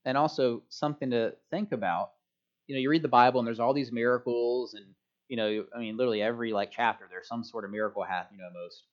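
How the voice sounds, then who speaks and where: A man giving a relaxed, chatty sermon to a church congregation, joking about himself as he goes. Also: medium pitch, quick pace. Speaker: preacher. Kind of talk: casual sermon. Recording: dull lo-fi sound.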